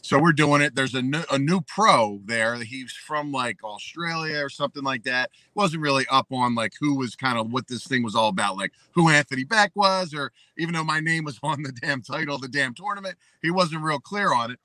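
Bright-voiced former football player telling stories. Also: male voice, mid-range voice, brisk, few pauses, no echo, low-quality recording. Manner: laughing, animated anecdote-teller. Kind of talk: casual storytelling.

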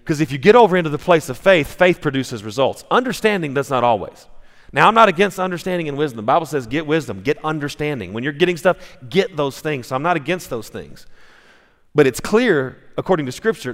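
A man's voice: a little high, very animated, brisk. A male pastor preaching a sermon, telling stories in a conversational way with frequent restarts. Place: church sanctuary. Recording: long reverb of a church hall.

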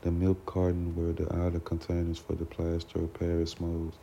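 A man reads a book aloud in a very low, flat, gravelly voice with a dark, mellow tone. His delivery is steady and a little halting, with small slips and restarts. The recording is dull and lo-fi, with a faint hiss behind him. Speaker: self-development teacher.

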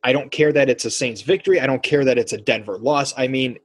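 A man's voice: mid-range voice, fast talker, husky. A man co-hosting a podcast, talking sports casually and animatedly, acting out quotes. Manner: animated, acts out quotes in voices. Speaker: podcast co-host.

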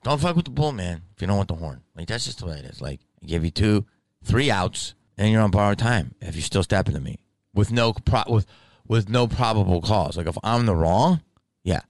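Podcast host, middle-aged man, very low gravelly voice, loose profane storyteller. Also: expressive, fairly quick, darkish tone, dry recording. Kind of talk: casual monologue.

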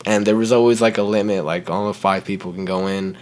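Lowish young man telling a story. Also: brisk. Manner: animated, acts out quotes, laughs often, says "like" and "right?". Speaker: podcast guest. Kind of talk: casual storytelling chat.

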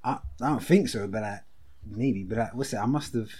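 A young man co-hosts a podcast over a video call, trading quick, teasing banter and breaking into laughter. His voice is fairly low and dark-toned, with a slight roughness.

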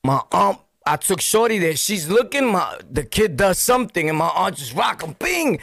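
Brooklyn dude podcasting, raspy fry, dry close sound, jumpy slangy storytelling. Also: male voice, sits high, moderate pace, no echo. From Brooklyn, New York. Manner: animated, laughing, sound-effect interjections, street slang. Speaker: podcast host. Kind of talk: casual storytelling.

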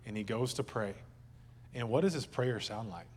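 A man's voice: on the low side, expressive, normal speed, in a large hall, a little hiss or hum. A male pastor preaching a sermon at a church service in a conversational, joking way, with asides to the congregation.

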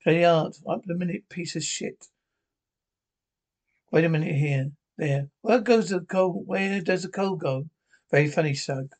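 Casting: a crude, bickering old pensioner, slightly high voice. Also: male voice, measured pace, darkish tone. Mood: banter. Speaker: sitcom pensioner. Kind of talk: broadcast sitcom acting.

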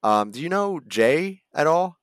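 A male voice actor chatting casually as a podcast guest, relaxed and rambling. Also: on the high side, measured pace, clean tone, no echo. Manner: relaxed, rambling, full of fillers and restarts.

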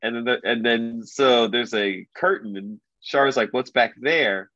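A man casually retelling a story as a podcast co-host, animated and loose, full of filler words. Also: medium pitch, unhurried, slight background noise. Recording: dull lo-fi dry recording.

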